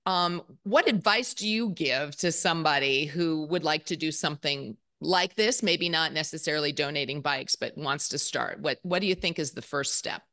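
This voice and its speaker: A woman's voice: sits low, moderate pace, hardly any pauses, sharp tone. A woman podcast host asking curious, chatty questions, with frequent ums and restarts. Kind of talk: casual interview questions.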